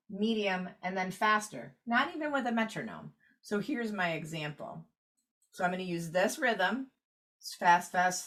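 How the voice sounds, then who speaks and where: Woman clarinet teacher on a video call, patient step-by-step explainer, mid pitch. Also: a bit bright. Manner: explanatory, walks through steps while annotating. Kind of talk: online workshop lesson.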